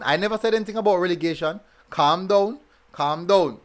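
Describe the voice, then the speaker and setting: A man with a high-pitched, brisk voice hosts a casual football review stream, reading chat comments aloud and talking chattily, full of fillers and repeated phrases.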